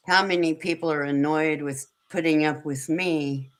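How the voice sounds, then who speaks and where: A woman co-hosting a livestream, speaking haltingly with many fillers and a self-deprecating tone. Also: deep voice, fairly even intonation. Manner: slow, halting, laughs often, self-deprecating. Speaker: co-host of a livestream show. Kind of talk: casual chat.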